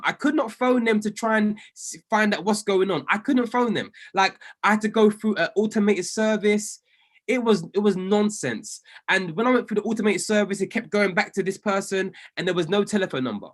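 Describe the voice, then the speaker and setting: A man's voice: high-pitched, normal speed. Guy coaching traders, voice swings up and down a lot, preachy repeats. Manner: animated storyteller, preacher-like emphasis and repetition. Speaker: trading coach. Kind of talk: motivational talk to a group.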